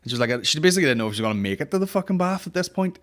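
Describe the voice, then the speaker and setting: A man's voice: on the high side, very fast. A man, hosting a podcast and telling a rambling, sweary comedic story with lots of restarts. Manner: sweary, rambling, animated anecdote with frequent restarts. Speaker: podcast host.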